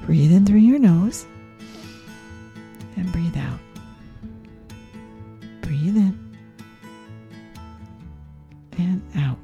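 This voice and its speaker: A woman gently leading children through a breathing and mindfulness meditation, asking soft questions. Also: lowish voice, expressive, muffled recording, faint music behind. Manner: slow, soothing, gently questioning. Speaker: mindfulness teacher for kids.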